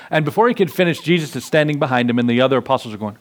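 A man's voice: mid-range voice, animated, very fast, few pauses. A man preaching a sermon in a church, passionate and full of questions to the congregation. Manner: impassioned, rhetorical questions to the congregation. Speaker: pastor.

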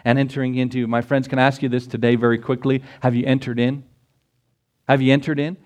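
A middle-aged man preaching a sermon, animated and storytelling, with excited peaks. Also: medium pitch, fast. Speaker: pastor.

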